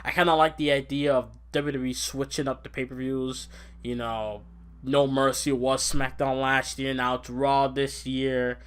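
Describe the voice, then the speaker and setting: A young man hosting a casual podcast, rambling excitably about wrestling and laughing often. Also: medium pitch, unhurried, smooth. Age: young adult. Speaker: podcast host. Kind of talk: casual wrestling recap chat.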